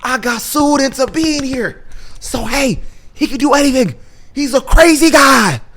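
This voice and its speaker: An easygoing male messiah, as a man puts him on while retelling a cartoon, soothing the crowd with repeated greetings. His pitch swoops around freely from low to high. It is a loose, offhand impression rather than a polished one. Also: a little slow, full character voice. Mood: explaining. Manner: repetitive calming hey-hey cadence. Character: laid-back male messiah descending from the sky.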